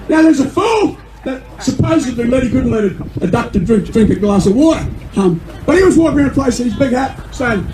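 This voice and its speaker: An older man with an Australian accent, giving a fiery, indignant rally speech as a member of parliament and often shouting. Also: very high-pitched, animated, fairly quick, hardly any pauses. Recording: echoey room with faint noise.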